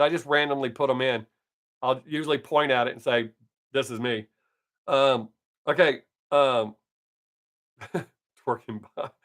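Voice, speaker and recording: With a fairly high pitch and fairly bright tone edged by a slight scratch, this man in his fifties rambles on his live stream. The comic's casual chat is full of crude jokes.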